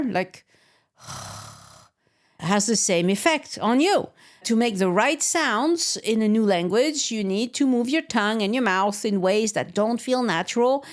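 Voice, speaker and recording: Woman hosting a podcast. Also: mid-range voice. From France. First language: French. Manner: relaxed and conversational, with light laughs. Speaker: podcast host. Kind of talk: solo podcast commentary.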